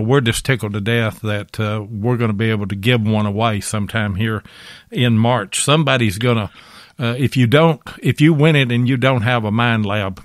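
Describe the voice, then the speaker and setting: A man's voice: on the low side, no room sound, clean studio sound. A man hosting a live radio talk show in a folksy, easygoing way.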